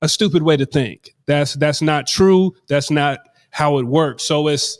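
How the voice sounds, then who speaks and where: Earnest, halting man co-hosting a podcast. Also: a little high. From US West Coast. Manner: earnest, emphatic, halting with fillers. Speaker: podcast co-host. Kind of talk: casual discussion.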